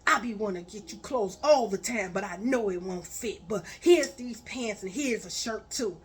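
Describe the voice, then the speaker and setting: A woman's voice: mid-range voice, expressive, moderate pace, soft background music, close to an everyday voice. A woman quoting a man who apologetically brings unwanted gifts, stammering and sheepish. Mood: apologetic.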